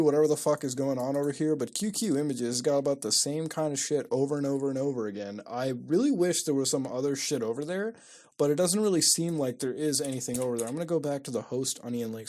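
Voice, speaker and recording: Excitable, profane male web-browsing host. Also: mid-range voice, fast. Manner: profane, excitable, mock-outraged, laughing. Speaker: online video host. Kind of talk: casual commentary while browsing websites.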